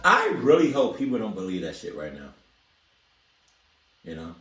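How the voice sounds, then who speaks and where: A man's voice: deep voice, very animated, moderate pace, fairly bright tone, faint music behind. A young man hosting a reaction video, blunt, profane and incredulous in casual commentary. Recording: roomy, distant mic.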